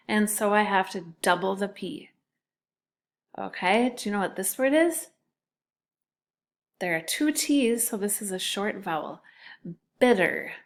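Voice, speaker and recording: A woman teaching a children's spelling lesson, patiently sounding out words syllable by syllable. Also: mid-range voice.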